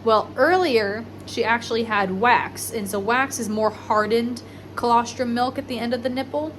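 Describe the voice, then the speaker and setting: A woman with a slightly high voice talks into her phone as she walks through a dark horse barn at night. She keeps it hushed, slipping often into a whisper. Faint hiss sits under the recording. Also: normal speed. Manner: talks softly, often whispering, to avoid disturbing mares. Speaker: horse breeder vlogger. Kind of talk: casual vlog, hushed late-night barn walk.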